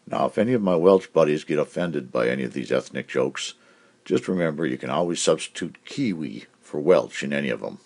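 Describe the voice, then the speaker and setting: Deep-voiced brash comedy host. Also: male voice, animated, fairly quick, vocal fry, a little mellow. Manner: brash, punchy joke delivery with put-on voices. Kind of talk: joke-telling comedy monologue.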